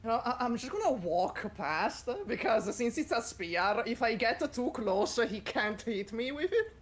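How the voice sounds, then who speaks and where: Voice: mid-range voice, lively intonation, moderate pace. A player in a tabletop game, talking casually with stammering restarts and some swearing.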